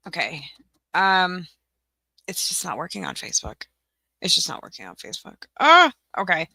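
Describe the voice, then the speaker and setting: A woman's voice: lowish voice, wildly swooping pitch, unhurried, gravelly, long pauses, sharp tone, breathy edge, dry recording. A woman hosting a casual livestream, flustered and apologetic, talking to herself and laughing often. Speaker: livestream host for teaching-resource sellers.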